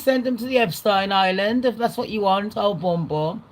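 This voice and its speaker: A woman hosting a livestream, ranting casually to her chat in an excitable, rambling way, swearing a lot. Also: mid-range voice, normal speed, poor audio. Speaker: livestream host. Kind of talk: casual rant to a live chat.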